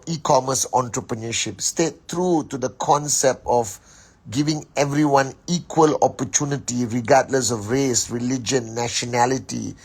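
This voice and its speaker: A man's voice: medium pitch, breathy edge. A man hosting an Instagram live on his phone, greeting viewers by name and giving an upbeat, rallying pep talk. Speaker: network marketing leader hosting an Instagram live. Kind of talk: casual live-stream shout-outs and pep talk.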